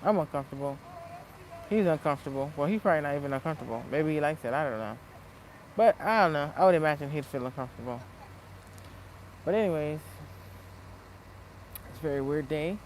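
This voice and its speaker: A woman vlogging in a casual rant, blunt and profane, swinging between low muttering and loud heated outbursts. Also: expressive, fairly quick, long pauses, a little hiss or hum, rough recording. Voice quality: blunt, heavily profane street talk. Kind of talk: casual unscripted vlog rant.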